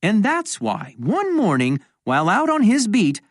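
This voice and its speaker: A woman's voice: medium pitch, wildly swooping pitch, a little slow, dry recording, studio quality. A woman reading a rhyming children's book aloud in a sing-song way, lightly voicing the characters. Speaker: storybook reader. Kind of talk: children's read-aloud narration.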